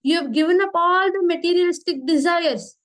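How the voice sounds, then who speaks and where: A woman's voice: very high voice, a little fast, fairly bright tone. A woman voicing a proud, demanding male king who talks in an insistent, bossy way. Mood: pleading.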